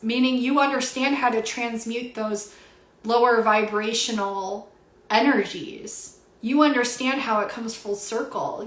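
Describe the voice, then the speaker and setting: On a home livestream, a young woman gives a spiritual card reading, her voice fairly high and fairly bright. She's teary and emotional, close to crying, gushing with awe and full of fillers. The room has a noticeable echo.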